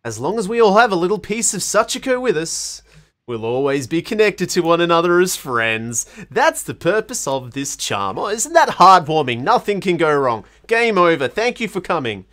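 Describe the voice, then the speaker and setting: A man's voice: high-pitched, very animated, normal speed, a bit bright. An Australian man streaming a game, reading the characters' dialogue aloud in playful put-on voices and joking between lines.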